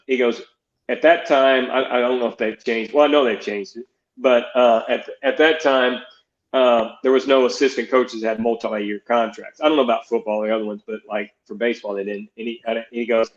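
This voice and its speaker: An older man, a baseball pitching coach appearing as a guest, rambles through coaching stories in an interview, restarting often and quoting others in dialogue. His medium-pitched voice is steady at a normal speed, and the recording sounds roomy, dull and lo-fi.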